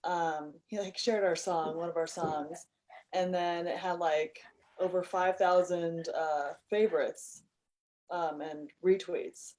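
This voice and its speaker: A woman in a band, a guest in a casual interview, talking in a confident, relaxed way. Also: lowish voice, slow pace, a little hiss or hum, poor audio. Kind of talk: casual interview over a video call.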